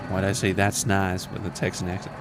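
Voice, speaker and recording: A man's voice: completely flat delivery, brisk. A man with a somewhat American accent, commentating his gameplay on a live stream with profane, wry asides. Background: game sounds and rumble.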